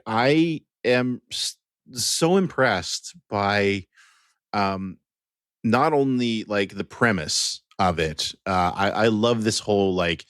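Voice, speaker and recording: A man's voice: fairly low pitch, a bit bright, no room sound, studio quality. A man co-hosting a podcast, talking in an easygoing, rambling way with many fillers. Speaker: podcast co-host. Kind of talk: casual chat.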